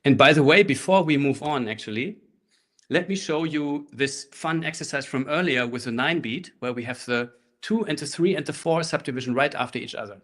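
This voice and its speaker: Through a laptop microphone, a man with a slightly high voice leads a live online handpan workshop, briskly but casually explaining rhythms and chanting rhythm syllables. Handpan music plays faintly in the background.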